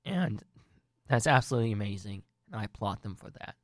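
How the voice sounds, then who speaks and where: A man's voice: fairly low pitch, animated, brisk, no echo, clean studio sound. Earnest man rambling about wrestling. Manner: earnest, rambling, frequent restarts. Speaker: wrestling commentary vlogger. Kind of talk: casual wrestling news talk.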